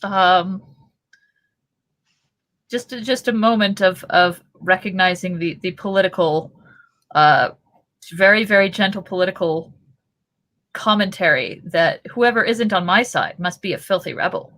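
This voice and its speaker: A woman's voice: lowish voice, measured pace, pauses often, fairly bright tone. A woman co-hosting a podcast who chats casually with wry, thoughtful remarks. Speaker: podcast co-host. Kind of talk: casual chat.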